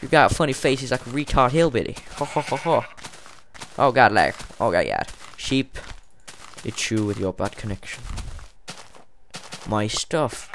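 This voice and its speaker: Male gamer, mid-pitched, jumpy and rambling, lively up-and-down delivery. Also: a little slow, a little hiss or hum. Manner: excitable, jumpy, rambling, swears and yelps. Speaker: let's play gamer. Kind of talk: casual gameplay commentary.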